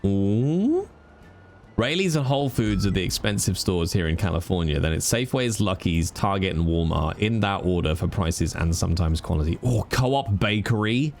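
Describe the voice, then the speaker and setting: A man's voice: sits low, expressive, fairly quick, vocal fry, soft background music. A British man who streams, talking with his viewers in a chatty, joking way. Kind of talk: casual chat with viewers.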